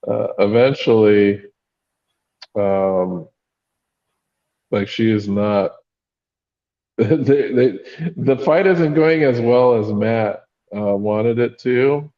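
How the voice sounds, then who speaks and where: A man's voice: on the low side, very slow, long pauses, highs cut off. A man co-hosting a podcast, recapping a book in casual chat with many fillers and frequent laughs. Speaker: podcast co-host.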